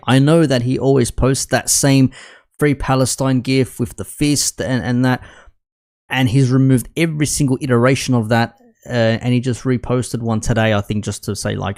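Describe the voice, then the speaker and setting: A man's voice: mid-range voice, gravelly, darkish tone. A man doing casual live commentary, rambling and restarting his sentences, dropping bro and man. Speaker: commentary streamer.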